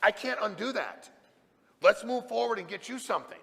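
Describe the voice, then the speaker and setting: A middle-aged man, a company president, giving a blunt, forceful motivational talk to a live audience. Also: high voice, lively intonation, moderate pace, gravelly. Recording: reverberant hall sound.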